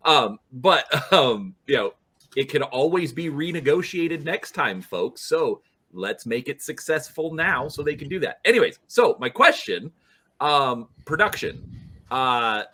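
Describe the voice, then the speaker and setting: A man's voice: fairly high pitch, sing-song, unhurried, pushed and bright, breathy edge. A man on a livestream panel chatting casually and calling the audience folks.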